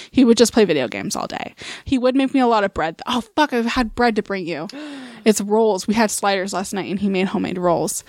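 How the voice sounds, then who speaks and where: A woman's voice: medium pitch, no room sound, studio quality. A young woman in casual chat, talking freely with frequent swearing and laughter. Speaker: podcast co-host.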